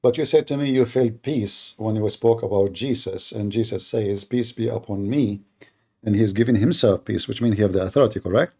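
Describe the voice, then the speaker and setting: A man's voice: on the low side, fairly quick, hardly any pauses, warm tone, breathy edge. A man hosting a live online debate, arguing in a sarcastic, combative way. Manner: sarcastic, argumentative. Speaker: debate host.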